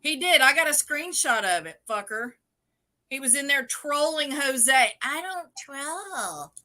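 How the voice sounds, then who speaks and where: A woman's voice: high voice, normal speed, bright, forceful tone. A woman co-hosting a live stream, brash, teasing and swearing freely. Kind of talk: casual live-stream chat.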